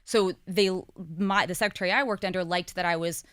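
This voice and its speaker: A woman's voice: fairly low pitch, steady tone, fairly quick, fairly bright tone, clear, resonant tone, dry recording, clean studio sound. A woman in her thirties, a talk show co-host speaking candidly in a casual podcast conversation, with frequent fillers. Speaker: co-host and guest.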